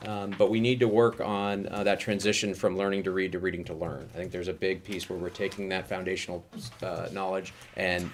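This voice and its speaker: A man with a very deep voice presents figures to a school board in a meeting room. He hurries along, stumbling over his words with frequent ums and restarts. The tone is plain and businesslike. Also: little pitch movement, slight background noise. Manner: rushed, heavy with fillers and restarts. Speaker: school administrator presenting data.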